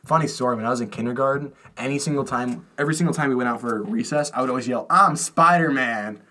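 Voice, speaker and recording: A young man co-hosting a podcast, telling childhood stories in casual chat with laughs and excited jumps in his voice. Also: racing. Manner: animated storytelling, laughing, pitch jumps when excited. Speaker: podcast co-host. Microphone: podcast microphone.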